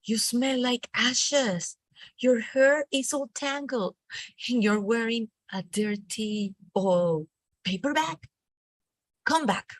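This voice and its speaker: A woman voicing a vain young prince in a storybook, scolding slowly. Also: fairly high pitch, no room sound, voice pushed up. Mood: disdainful. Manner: slow, scolding.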